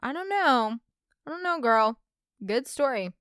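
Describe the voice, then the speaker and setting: Young woman, storytime podcast host, chatty, bouncy pitch, slightly high, dry close sound. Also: a little slow, clear, resonant tone, no room sound. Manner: chatty, expressive, reads listener stories aloud.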